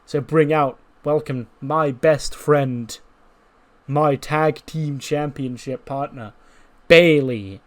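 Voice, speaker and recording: A man voicing an excitable young woman wrestling champion who gushes and pushes her partner to celebrate. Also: a little high, takes it slowly. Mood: gushing. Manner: gushing and pushy, repeats pleas.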